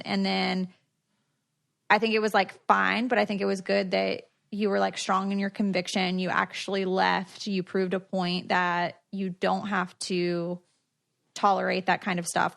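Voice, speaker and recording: A woman's voice: medium pitch, vocal fry, a bit bright. A woman co-hosting a podcast, telling a story in a chatty way, full of "like" fillers. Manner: chatty, many "like" fillers, quotes others in retelling. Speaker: podcast co-host. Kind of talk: casual storytelling.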